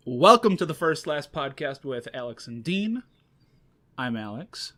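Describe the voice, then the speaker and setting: A man's voice: mid-range voice, sing-song, measured pace, a bit bright. A man co-hosting a podcast, chatting casually in dry, joking banter with frequent restarts. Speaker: podcast co-host. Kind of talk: casual chat.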